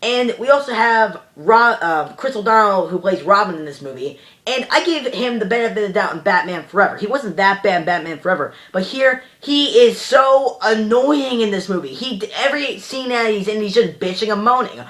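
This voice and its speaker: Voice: mid-range voice, expressive, fairly quick, few pauses, a bit bright. Rambling young movie reviewer. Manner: rambling, heavy with "you know" fillers, exasperated. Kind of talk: casual ranting movie review.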